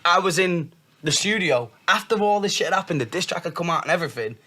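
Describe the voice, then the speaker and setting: Lively high-voiced man. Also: fast. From Manchester. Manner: animated storytelling, swears often. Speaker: guest rapper. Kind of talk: casual chat.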